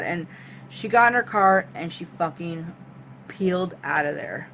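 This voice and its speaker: Animated, swearing woman telling a story. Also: lowish voice, moderate pace, slight background noise. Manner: animated, profane, acts out her own reactions. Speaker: vlogger. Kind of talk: storytime monologue.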